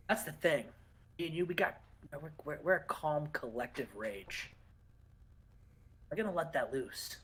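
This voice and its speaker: A man playing an intense male wrestler cutting a slow, menacing promo in a game session. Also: bright, forceful tone, breathy edge, exaggerated voice. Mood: simmering. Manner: low, slow, menacing delivery.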